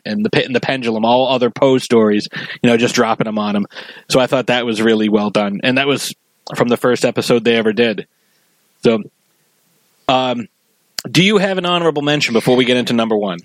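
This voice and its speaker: A man's voice: mid-range voice, no echo, poor audio. Male podcast co-host, casual and chatty, medium voice, dry close mic. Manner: chatty, quotes scenes in put-on voices. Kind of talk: casual chat about a cartoon.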